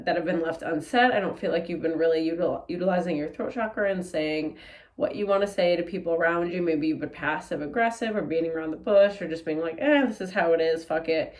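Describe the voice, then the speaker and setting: A woman giving a casual tarot forecast, speaking in a blunt, animated way and swearing freely. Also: lowish voice. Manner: blunt, profane, animated and candid. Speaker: tarot reader.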